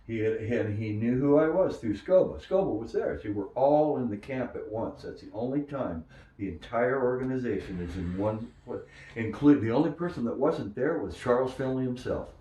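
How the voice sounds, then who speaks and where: An older man recalling his days as a minor league pitcher, telling stories and acting out the voices of others. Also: normal speed. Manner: animated storyteller who acts out quoted voices. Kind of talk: storytelling interview. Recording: echoey room, distant mic.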